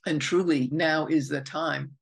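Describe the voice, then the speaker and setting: A woman's voice: deep voice, fairly even intonation, a little slow, vocal fry, breathy edge. A woman astrologer hosting her own podcast, talking unscripted in a meandering, reflective way, correcting herself and drifting into asides. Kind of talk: unscripted spoken monologue.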